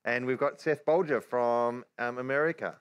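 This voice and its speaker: Quick-talking Australian man pastor. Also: medium pitch, clean tone. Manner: quick-talking, restarts often. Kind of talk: casual church teaching chat.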